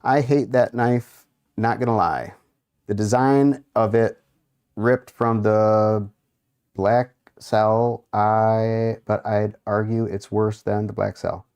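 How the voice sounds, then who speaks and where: This is a man casually livestreaming, voicing viewers' comments and murmuring to himself while browsing. His voice sits fairly low and steady, a little mellow, with a clear, resonant tone, and his unhurried delivery is dotted with amused asides.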